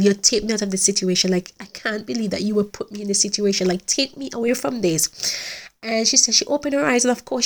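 A middle-aged woman hosting a podcast, talking in an earnest, heartfelt way with many restarts. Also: mid-range voice. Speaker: podcast host. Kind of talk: casual faith-based podcast talk.

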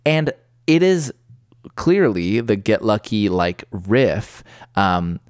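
Excitable young man with lively pitch. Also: slow, clear, resonant tone, no room sound, studio quality. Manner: excitable, slangy, says "dude" and "bro" a lot. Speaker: podcast co-host. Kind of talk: casual music chat.

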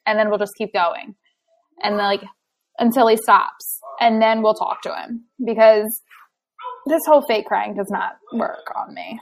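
A woman's voice: mid-range voice, unhurried, creaky, slight background noise. A young woman co-hosting a casual parenting podcast, telling frank stories and acting out exchanges with her family. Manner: frank, animated storytelling, acts out exchanges. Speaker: podcast co-host, mother. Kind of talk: casual chat.

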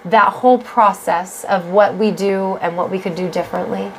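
A woman's voice: mid-range voice, steady tone, moderate pace, slight background noise, low-quality recording. A woman co-hosting a podcast in casual chat, rambling with many fillers and light joking. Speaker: podcast co-host.

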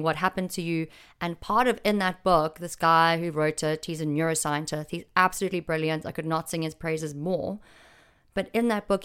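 A woman hosting a casual solo podcast from a small home office, chatty and excitable, rambling a little. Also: low voice, smooth. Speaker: podcast host.

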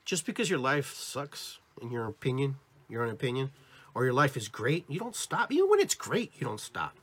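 A man with an American accent hosting a podcast, giving an animated spiritual talk to his listeners. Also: medium pitch, normal speed, slightly rough. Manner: animated, demonstrating inflections. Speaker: podcast host.

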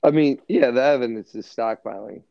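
A man co-hosting a casual podcast, profane and animated as he tells stories. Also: mid-range voice, moderate pace, creaky, no echo. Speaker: podcast co-host. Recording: dull lo-fi sound.

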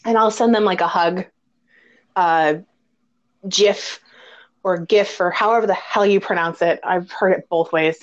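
A woman hosting a casual conversation, telling stories with lots of laughter and animated quoted dialogue. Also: lowish voice, moderate pace. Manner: animated storyteller, laughs often. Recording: dull lo-fi audio.

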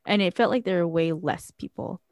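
A woman's voice: on the low side, big pitch swings, fairly quick, a little mellow, no echo, clean studio sound. A young woman chatting casually and telling a story, laughing often and using plenty of fillers. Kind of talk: casual chat.

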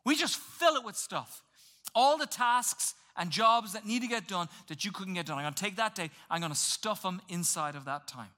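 Man, pastor, sermon, high voice, bright tone, lively and chatty. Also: moderate pace. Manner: lively and conversational, acting out voices for humor.

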